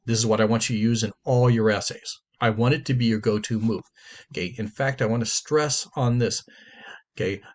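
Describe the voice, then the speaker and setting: A man's voice: lowish voice, brisk. A man teaching a writing class, lecturing in a conversational way and repeating and stressing his key points.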